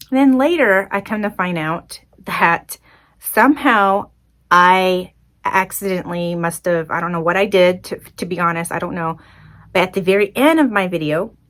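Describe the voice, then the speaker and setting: A woman hosting her own podcast, telling a personal story in a chatty, expressive, self-deprecating way. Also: on the low side. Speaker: podcast host. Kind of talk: casual solo podcast storytelling.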